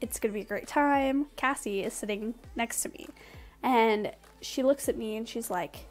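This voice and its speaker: A woman's voice: a little high, moderate pace, faint music behind. A young woman vlogger casually telling a funny personal story, chatty and loose, full of "like" and "dude". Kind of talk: storytime vlog.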